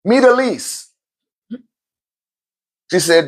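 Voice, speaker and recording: A man with a notably high-pitched speaking voice gives a loose, emphatic motivational talk as a spiritual teacher. He curses freely, laughs between points and stumbles over repeated words as he restarts his sentences. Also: unhurried, long pauses. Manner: profane, emphatic, laughs often. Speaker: spiritual teacher and event host.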